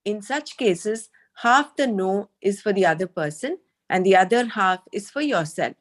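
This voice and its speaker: A woman leading a small study group reads a spiritual text aloud, then explains it in her own words. Her voice is medium-pitched with lively intonation, and her delivery is measured and thoughtful, though hesitant fillers creep in when she speaks freely.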